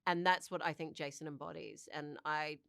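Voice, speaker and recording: A woman's voice: low voice, normal speed, vocal fry, clear, resonant tone, no room sound. Chatty New Zealand woman, dry close sound. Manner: chatty and expressive, acts out little quoted exchanges. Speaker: actor being interviewed. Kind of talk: casual interview chat.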